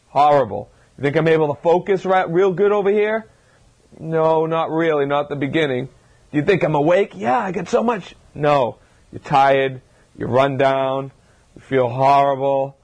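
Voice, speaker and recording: A man's voice: a little high, normal speed, creaky, a little mellow. A man, a chiropractor, gives an informal lecture to a live audience, talking through his points with rhetorical questions and frequent restarts. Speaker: chiropractor giving a health talk.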